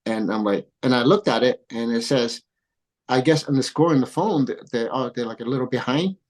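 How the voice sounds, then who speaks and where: A man's voice: mid-range voice, brisk, darkish tone, rough recording. A middle-aged man coaching golf, speaking in a podcast interview. He tells stories with plenty of energy, laughs often, and acts out the voices of the people he quotes. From came to the U.S. as a kid. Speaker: golf coach and father of a pro golfer. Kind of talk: animated storytelling in a podcast interview.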